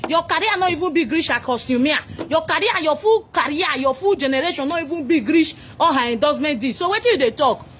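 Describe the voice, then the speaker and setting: A woman's voice: high-pitched, animated, fast talker, few pauses, fairly bright tone, slight background noise. A Nigerian woman with a Nigerian accent, ranting angrily and mocking a celebrity, switching into pidgin. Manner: scolding, mocking, mixing pidgin. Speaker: commentator. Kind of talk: angry reaction rant.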